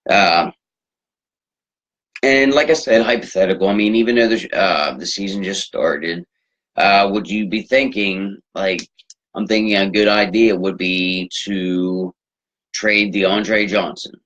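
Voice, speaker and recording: Brief: male sports-rant host, lower voice, profane and rambling, muffled home recording. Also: unhurried, a bit bright. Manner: profane, rambling, loose filler-heavy ranting. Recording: dull lo-fi recording.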